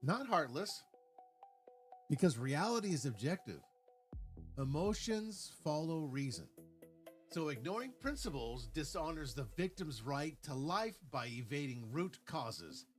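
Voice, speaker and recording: A man's voice: on the high side, sing-song, unhurried, faint music behind. A man on a livestream giving an argumentative political rant, reading comments aloud and rebutting them point by point with frequent restarts. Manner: stumbling restarts, lecturing tone.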